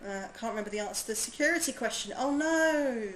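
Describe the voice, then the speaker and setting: A woman's voice: mid-range voice, lively intonation, very fast, bright, forceful tone, slight background noise, low-quality recording. A woman from southern England with a southern English accent, chatting bubbly and casually with viewers while she streams a game. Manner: chatty, bubbly, laughs easily. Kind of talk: casual gaming stream chat.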